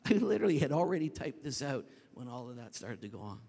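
A man preaching a sermon as pastor, telling stories in an animated way that climbs to shouts. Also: a little high, quick pace, creaky, hardly any pauses, breathy edge. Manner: animated storytelling, rising to shouts when reenacting. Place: church sanctuary. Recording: long reverb of a large hall.

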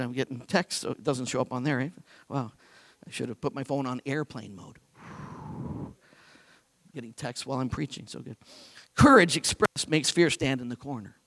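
A man preaching a sermon, animated, swinging from quiet low asides to loud, forceful declarations. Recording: long hall reverb.

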